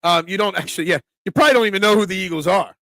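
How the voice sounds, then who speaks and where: A man's voice: high-pitched, rapid-fire, pushed and bright, no room sound. A man from Philadelphia with a Philly accent, hosting a casual sports talk stream, joking with viewers and dropping lots of ums. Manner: chatty, joking with chat, frequent ums. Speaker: sports talk show host.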